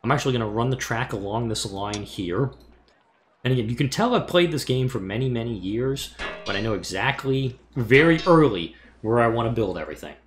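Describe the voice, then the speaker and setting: A man talking through a game in a relaxed, unscripted way, half to the audience and half to himself. His pitch rises and falls a great deal as he wonders aloud and corrects himself. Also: fairly quick, a little hiss or hum. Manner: thinks aloud, muttering to himself while planning; casual, swears mildly. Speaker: let's play gamer. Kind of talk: casual gameplay commentary.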